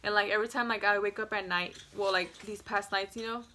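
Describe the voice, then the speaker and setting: Bright-voiced young woman telling a story. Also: medium pitch, fairly even intonation, fast talker, a little hiss or hum. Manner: rambling, constant "like" fillers, drops to a hush at scary parts. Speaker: vlogger. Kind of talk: casual storytelling to camera.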